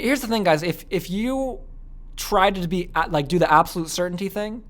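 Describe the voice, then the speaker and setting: A man teaching an online course in a casual, chatty way, full of fillers and frequent "okay?" asides. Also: on the high side. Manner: acts out little quoted scenes.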